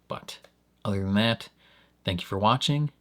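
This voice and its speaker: A man's voice: fairly low pitch, moderate pace, fairly bright tone. A man hosting a casual reaction review, rambling in an easygoing way, chuckling often, and jumping his voice up on asides. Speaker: reaction channel host.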